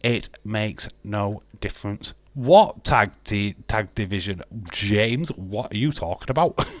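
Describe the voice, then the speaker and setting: A man's voice: lowish voice, expressive, takes it slowly, dry recording. A man chatting casually on a live stream, greeting viewers, laughing often and swearing freely. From England. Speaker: wrestling watch-along streamer.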